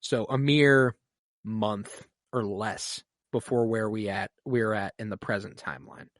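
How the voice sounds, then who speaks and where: A man's voice: lowish voice, steady tone, a little slow, a bit bright, dry recording, studio quality. A man hosting a podcast, recapping a TV episode at length in an emotional, casual way and swearing freely. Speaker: podcast host. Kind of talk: casual show recap chat.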